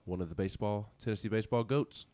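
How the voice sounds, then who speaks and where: A low-pitched man co-hosting sports talk, dry and matter-of-fact. The studio sound around him is close and dead. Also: fast, dark tone, no room sound. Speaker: sports radio co-host. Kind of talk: casual sports talk chat.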